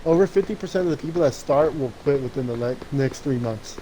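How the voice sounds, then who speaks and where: A man's voice: medium pitch, quick pace, warm tone, slight background noise, poor audio. A young man streaming, chatting casually as he games, rambling with lots of swearing and restarts. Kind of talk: casual gaming chat.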